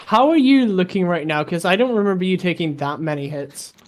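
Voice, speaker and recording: A man playing in a tabletop game, chatty and jokey and quick to back up the others' plans. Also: sits high, expressive. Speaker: player. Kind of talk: casual tabletop game chat.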